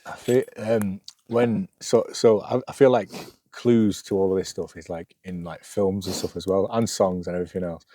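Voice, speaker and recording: Mellow low-voiced man, halting chat. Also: fairly even intonation, no echo. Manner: halting, many restarts and fillers, laughs softly. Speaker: podcast co-host. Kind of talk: casual chat. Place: outdoors by a campfire.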